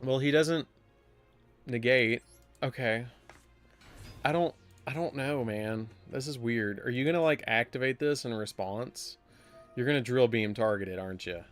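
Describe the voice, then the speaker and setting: A man's voice: mid-range voice, unhurried, soft background music. A man casually chatting while streaming a card game live, rambling and breaking into surprised exclamations.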